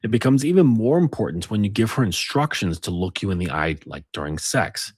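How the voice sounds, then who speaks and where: Male coach, low husky voice, lively pitch, dry close sound. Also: fairly quick, no room sound. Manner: insistent, repeats tag questions. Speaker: dating coach. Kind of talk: casual advice monologue.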